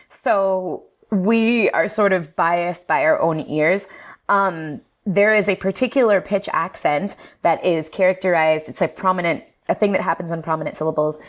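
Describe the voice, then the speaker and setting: A woman linguist explaining in a casual, animated way, laughing often. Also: lowish voice. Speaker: linguist guest. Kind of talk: casual explanatory podcast talk.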